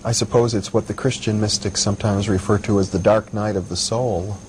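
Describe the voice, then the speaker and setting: A man's voice: fairly low pitch, fairly even intonation, brisk, darkish tone, slight background noise, poor audio. A man interviewing, asking reflective questions with frequent restarts. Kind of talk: conversational interview.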